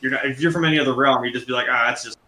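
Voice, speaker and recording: A man's voice: mid-range voice, steady tone, sharp tone. A man talking in a casual group chat, swearing and acting out quips from scenes. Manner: fast, profane, mimics others. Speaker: regular panelist. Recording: roomy echo.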